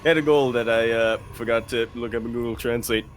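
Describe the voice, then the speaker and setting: A man's voice: mid-range voice, fairly even intonation, fast, slight background noise. A man casting a live strategy game match, playful and joking with his co-caster. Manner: playful, hypes and jokes with co-caster. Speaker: esports caster.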